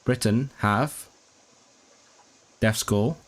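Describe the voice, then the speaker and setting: A man streaming a study session, thinking aloud as he works out what is being signed, often restarting words and asking himself questions. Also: on the low side. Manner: halting, restarting words while working out signed content; puzzled self-questioning asides. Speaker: language-learning streamer.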